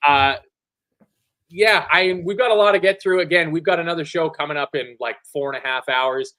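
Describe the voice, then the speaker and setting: A man's voice: fairly high pitch, normal speed, sharp tone. A man hosting a casual football reaction show, joking and swearing while reading out quotes at speed. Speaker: podcast host. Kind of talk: casual match-reaction chat.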